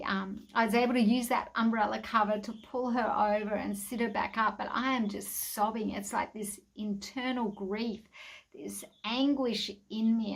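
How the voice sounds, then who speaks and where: A woman's voice: mid-range voice, creaky. A woman sharing an emotional personal testimony about her farm, speaking earnestly with many restarts. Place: outdoors in a farm paddock.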